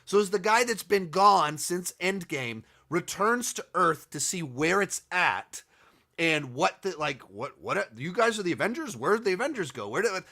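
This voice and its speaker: A man hosts a loose commentary video, answering viewer questions. His voice sits a little high. He thinks aloud, restarts his sentences often and turns sarcastic at times. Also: animated, moderate pace, bright, forceful tone. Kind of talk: casual commentary.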